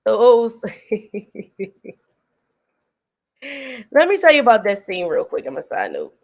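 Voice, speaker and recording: A middle-aged woman hosting a casual film review chat, retelling scenes with animated energy and frequent laughter. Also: mid-range voice, slow pace, vocal fry. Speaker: host.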